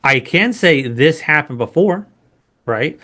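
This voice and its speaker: A man's voice: a little high, animated, slow, sharp tone. A man instructing a training lesson in a conversational way, often checking in with "right?". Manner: conversational, frequent rhetorical "right?" tags.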